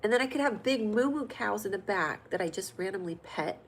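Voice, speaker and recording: A woman's voice: mid-range voice, brisk, a little hiss or hum, poor audio. A woman from California hosting a comedy livestream, chatting with viewers in a playful, joking way. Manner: playful, jokey, lively and loud at times. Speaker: livestream host. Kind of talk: casual livestream chat reading comments.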